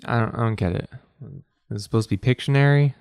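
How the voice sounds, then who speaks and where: A man's voice: medium pitch, quick pace, darkish tone, smooth, dry recording, studio quality. A man playing a tabletop role-playing game, talking in a loose, jokey, rambling way and often trailing off mid-sentence. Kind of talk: casual tabletop role-play chat.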